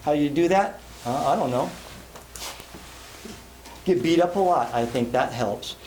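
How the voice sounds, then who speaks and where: A man's voice: on the high side, lively intonation, a little slow, darkish tone. A man giving a live sales seminar at a conference, telling folksy, self-deprecating stories with jokes. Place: conference hall before an audience. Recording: echoey live hall, faint room noise.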